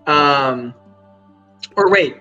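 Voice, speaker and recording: A man's voice: fairly high pitch, expressive, drawn-out words, bright, forceful tone, muffled recording, soft background music. A man running a tabletop game as game master, narrating casually with many fillers.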